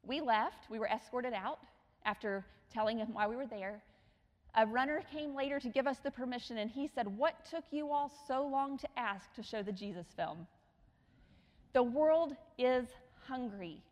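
A middle-aged woman with a fairly high voice tells stories in a sermon and acts out the lines of the people in them. Now and then she drops to a hushed tone. Her voice rings out in a hall with a long echo. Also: normal speed. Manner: storytelling with acted quotes, dropping to hushed tones. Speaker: missionary speaker. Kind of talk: sermon storytelling.

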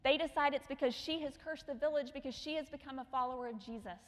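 A middle-aged woman with a fairly high voice tells stories in a sermon and acts out the lines of the people in them. Now and then she drops to a hushed tone. Her voice rings out in a hall with a long echo. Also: quick pace. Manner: storytelling with acted quotes, dropping to hushed tones. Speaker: missionary speaker. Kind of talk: sermon storytelling.

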